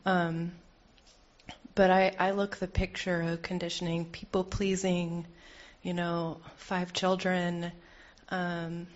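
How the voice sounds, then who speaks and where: A middle-aged woman speaks slowly in a group circle, her voice a little low. She halts and searches for her words as she shares. The recording is muffled and lo-fi. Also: flat delivery. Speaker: couples therapist. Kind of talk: personal sharing in a group.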